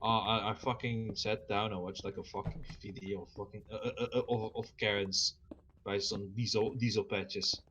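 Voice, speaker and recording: A man's voice: on the low side, flat delivery, normal speed, a bit bright, lo-fi sound, slight background noise. A man chatting casually during a gaming stream, rambling and swearing constantly.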